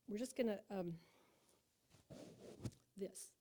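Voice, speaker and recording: Lady leading a meditation, mellow soft voice, half whispering. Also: medium pitch, normal speed. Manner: gentle, soft-spoken, often whispered. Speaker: meditation leader. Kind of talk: guided meditation. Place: church sanctuary.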